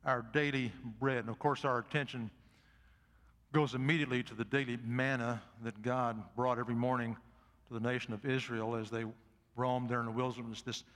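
An older man and pastor preaching a sermon in a church. He is folksy and swings from loud emphatic peaks to soft asides. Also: mid-range voice, flat delivery, fairly quick, in a large hall. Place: church sanctuary.

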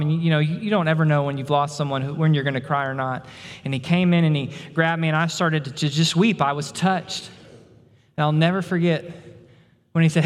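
A man preaching a sermon as pastor, earnest, rising in intensity and then dropping to a hushed, tender tone. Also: a little high, in a large hall.

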